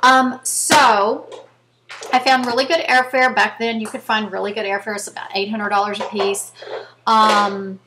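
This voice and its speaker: A woman's voice: medium pitch, fairly even intonation, measured pace, noisy background. A woman in her fifties, chatting earnestly to her viewers and telling a story straight to camera. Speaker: vlogger. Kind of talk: casual chat to camera.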